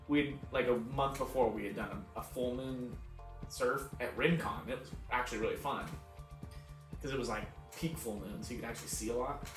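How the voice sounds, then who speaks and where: A man co-hosting a podcast, telling a long casual story with frequent laughs and free swearing. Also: medium pitch. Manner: laughs often, swears freely, animated retelling. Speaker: podcast co-host. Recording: roomy echo, distant mic, faint music.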